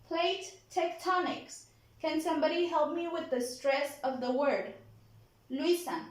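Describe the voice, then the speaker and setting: A woman teaching a vocabulary lesson in a classroom. She models each word slowly and keeps checking in with "okay?". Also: sits high, a little mellow. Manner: slow, deliberate modeling of pronunciation, frequent "okay?" checks. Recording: very echoey classroom.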